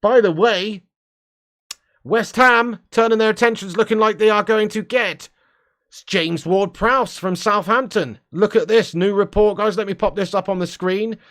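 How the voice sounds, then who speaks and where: A man hosting a live stream, chatting casually and joking with viewers, often dropping low for a punchline. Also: a little slow, a bit bright. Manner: jokey banter, drops into a low voice for punchlines. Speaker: livestream host. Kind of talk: casual live-chat commentary.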